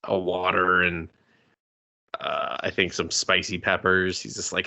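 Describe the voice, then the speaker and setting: A man's voice: sits low, little pitch movement, takes it slowly, creaky, long pauses, pushed and bright. A young man co-hosting a casual movie review podcast, cursing and joking as he acts out the characters in mock voices. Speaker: podcast co-host.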